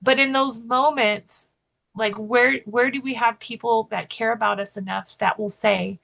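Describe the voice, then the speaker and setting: Woman with a gravelly, higher voice. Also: steady tone, a little slow, fairly bright tone, rough recording. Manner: chatty, many "like" fillers and restarts. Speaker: podcast co-host and keynote speaker. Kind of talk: casual storytelling chat.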